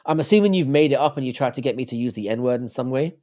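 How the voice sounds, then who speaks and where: A man's voice: medium pitch, lively intonation, quick pace, mellow. A man hosting a livestream, rambling, swearing and joking with his chat. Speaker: livestream host.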